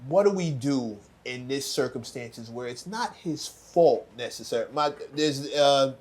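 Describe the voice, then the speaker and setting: A man's voice: mid-range voice, lively intonation, a little slow, a little hiss or hum. Thoughtful man asking a probing question. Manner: thoughtful, questioning, trailing off softly. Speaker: co-host. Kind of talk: podcast discussion.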